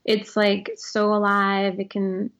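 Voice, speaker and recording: A woman's voice: mid-range voice, monotone, slow, fairly bright tone. A woman in her thirties, an author being interviewed, talking reflectively with many "like"s and restarts, often laughing. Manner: heavy use of "like", frequent restarts, laughs often. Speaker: author guest.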